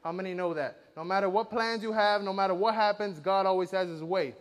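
A man's voice: sits high, a little fast, in a large hall. A man preaching a sermon, retelling scripture in an earnest, conversational way with frequent fillers.

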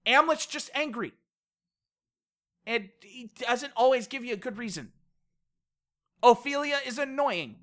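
A woman co-hosting a casual games podcast, animated and laughing, swearing when she gets worked up. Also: fairly high pitch, a little slow, pauses often. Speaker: podcast co-host. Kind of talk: casual podcast rant about video games.

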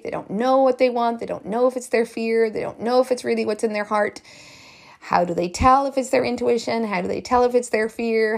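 A woman's voice: on the high side, creaky. A woman, a life coach, talking through a podcast monologue in an earnest, encouraging way, often repeating phrases for emphasis.

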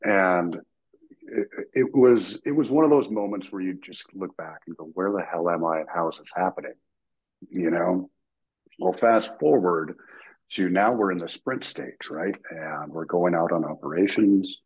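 A man with a deep, husky voice tells a story with lively energy, acting out the people in it. He is a guest talking casually about his time in the military, and the sound is slightly dull. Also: moderate pace. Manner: animated, acts out quoted voices, laughs while telling.

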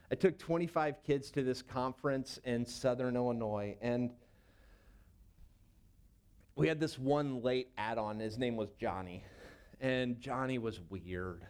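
Smooth-voiced man telling a personal story. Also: mid-range voice, a little mellow. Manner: casual, rambling with many fillers. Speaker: youth pastor.

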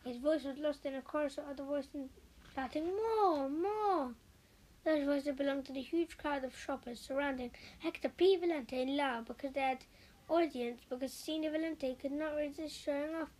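A woman reading a children's picture book aloud, expressive, with occasional slips. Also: sits high, brisk, rough recording. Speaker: storyteller. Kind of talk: children's story read aloud.

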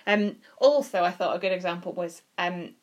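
A woman's voice: fairly low pitch, moderate pace, lo-fi sound. A woman leading a youth group session, explaining ideas in a chatty, teasing way with lots of fillers. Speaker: youth leader. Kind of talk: casual teaching chat.

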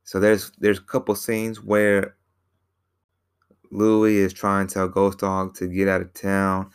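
A man's voice: low voice, level tone, unhurried, creaky, clean tone. A man casually recapping a film in a rambling way, repeating himself and using lots of fillers. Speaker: film reviewer.

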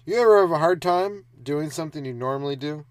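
A young man hosting his own comedy podcast, riffing and ranting alone with lots of swearing and quick mocking asides. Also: a little high, no room sound. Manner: profane, riffing, mocking voices mid-rant. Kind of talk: rambling solo comedy podcast.

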